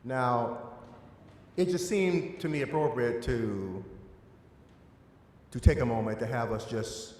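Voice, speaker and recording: A man's voice: mid-range voice, slow, pauses often, darkish tone, slight background noise. A man with an Eastern Shore of Maryland accent teaching an adult church class, stressing his points with a voice that climbs and drops for emphasis. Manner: emphatic, rising and falling for stress. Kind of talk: adult education lecture. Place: church hall. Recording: echoey hall with long reverb.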